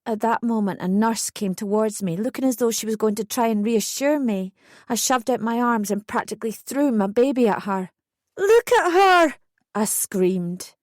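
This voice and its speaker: A woman's voice: fairly high pitch, a little mellow, no echo, studio quality. A woman narrating a first-person true story audiobook with feeling. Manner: emotional memoir reading, acting out quotes.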